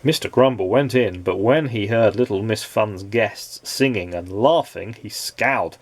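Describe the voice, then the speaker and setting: A man reading a children's storybook aloud as a dad, in an expressive storytelling way. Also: on the low side, a little slow, gravelly, slightly rough, no echo.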